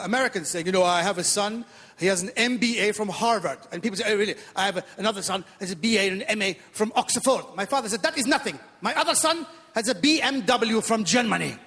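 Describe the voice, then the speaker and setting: Guy putting on a thick iranian accent for stand-up, high and swoopy, big hall echo. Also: a little hiss or hum. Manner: lively, mock-naive, punchline delivery. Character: exaggerated Iranian-accented male comic persona. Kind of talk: stand-up comedy. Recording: echoey theatre hall.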